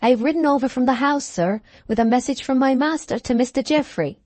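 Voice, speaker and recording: A humble male groom, as a woman reader voices him, polite and apologetic, pitched up and a little brisk as he addresses his betters. The sound is dry and close, with no room around it. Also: a little mellow, dry recording. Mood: deferential. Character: deferential male groom, a servant.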